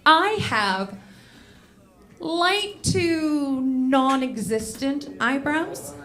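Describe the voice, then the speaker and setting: A woman's voice: sits high, lively intonation, extremely slow, a bit bright. A woman in her thirties performing a stand-up comedy set in a club, brash and profane, with self-mocking punchlines on a handheld stage mic.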